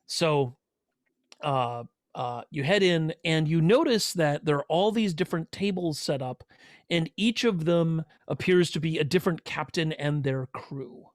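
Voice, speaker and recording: A man's voice: a little high, a little slow, no room sound. Rambling game master man, dry sound. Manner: rambling, filler-heavy storytelling. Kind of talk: narrating a tabletop game.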